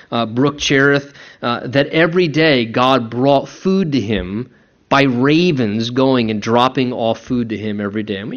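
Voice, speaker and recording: A man's voice: mid-range voice, a bit bright. A man preaching a conversational sermon as a pastor, acting out quoted voices as he goes. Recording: dull lo-fi recording.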